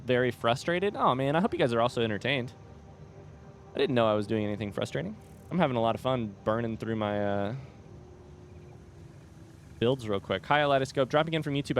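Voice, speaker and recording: Streaming a game from home on a desk microphone, a man chats with his viewers, reads out their comments, and coos at a baby. His voice is mid-range, with a little hiss or hum in the audio.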